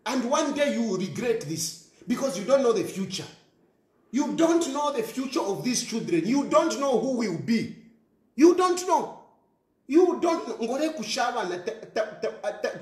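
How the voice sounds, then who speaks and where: A man's voice: very high voice, very animated, normal speed, a little mellow, echoey room. A man with a Zambian accent ranting scornfully in a monologue, repeating himself and scoffing. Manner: ranting, scornful, repeats phrases, mixes in local words. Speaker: commentator. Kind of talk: impassioned monologue.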